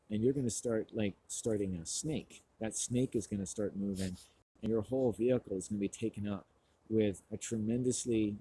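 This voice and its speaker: A man's voice: on the low side, mellow, slight background noise. A man retelling a movie plot in a casual, rambling rant, swearing freely and full of fillers. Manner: acts out quoted people.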